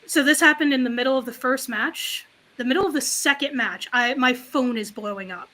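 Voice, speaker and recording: Woman, talk show panelist, livestream mic, casual storytelling, animated, frank, bright tone. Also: high-pitched, a little fast. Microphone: livestream call mic.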